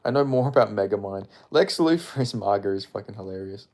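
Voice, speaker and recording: A man's voice: fairly low pitch, animated, fairly quick, darkish tone. A man streaming casually, rambling and swearing as he reads out viewer comments. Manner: rambling, frequent profanity, offhand. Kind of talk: casual livestream chat, reading comments aloud.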